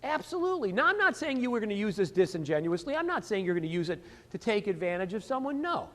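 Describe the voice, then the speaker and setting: Animated male sales trainer in a hall. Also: sits high, quick pace. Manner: animated, rhetorical questions and answering himself. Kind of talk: seminar lecture.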